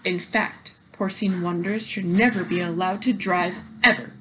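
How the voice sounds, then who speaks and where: Fussy proper gentleman played by a female reader, emphatic, doting, excitable, storybook. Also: on the low side, normal speed, a little hiss or hum, low-quality recording.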